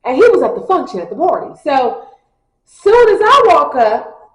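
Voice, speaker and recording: A young woman tells a personal story casually, slangy and animated, acting out her friends' lines. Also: high voice, normal speed. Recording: echoey room.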